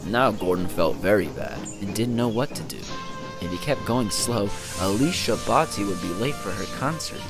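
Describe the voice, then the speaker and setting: A man narrating a children's train story in a lively storybook manner. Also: fairly low pitch, moderate pace, music in the background.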